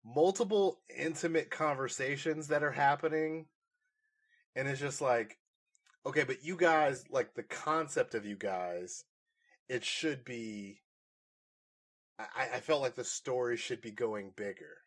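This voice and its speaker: This is a man of middling pitch co-hosting a podcast and talking through a film review. He rambles and restarts, gets animated, and breaks into laughter now and then. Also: measured pace. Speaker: podcast co-host. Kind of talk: casual movie review chat.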